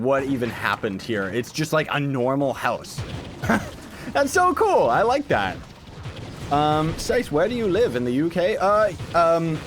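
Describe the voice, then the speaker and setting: A man's voice: a little high, very animated, measured pace, slight background noise. A man streaming gameplay live, joking at his own expense and reacting aloud to chat messages. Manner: jokey, self-mocking, reacts aloud to chat. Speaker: gaming streamer.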